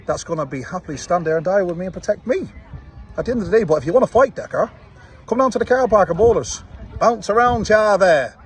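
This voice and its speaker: Confrontational Manchester man, higher-pitched. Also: expressive, fast, husky. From Manchester, England. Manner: confrontational, with taunting tags like "yeah?". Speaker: fight promoter. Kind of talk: direct-to-camera reply video. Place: outdoors, watching football.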